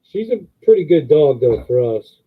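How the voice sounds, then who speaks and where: A man's voice: very animated, moderate pace, husky. A middle-aged man co-hosting a casual live stream, rambling about his dogs and thanking viewers. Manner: rambling, talks in high baby voice to dogs. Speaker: livestream co-host. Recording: muffled phone-like audio.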